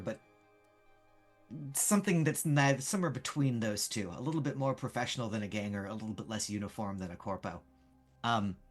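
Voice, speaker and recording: A game master narrates scenes and calls for dice rolls in a loose, conversational way. The voice sits at a middling pitch and drifts through fillers and casual swearing.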